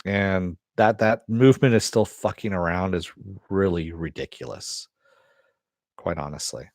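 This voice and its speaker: A man's voice: low-pitched, measured pace, no room sound, studio quality. A middle-aged man hosting a casual live stream, rambling and swearing as he answers viewers. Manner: rambling, profane, restarts often. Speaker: host.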